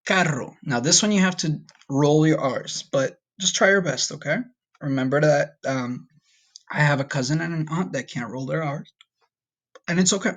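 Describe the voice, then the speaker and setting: A man's voice: a little high, normal speed, fairly bright tone. A man teaching a recorded Spanish lesson to his class, friendly and checking in often with "okay?". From United States.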